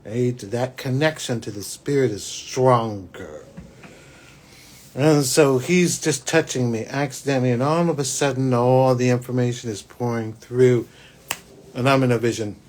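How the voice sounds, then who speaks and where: A man, a psychic hosting his own show, telling a personal story in a rambling, restarting way that swings between loud and hushed. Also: medium pitch, measured pace, slight background noise. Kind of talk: spiritual podcast monologue, personal storytelling.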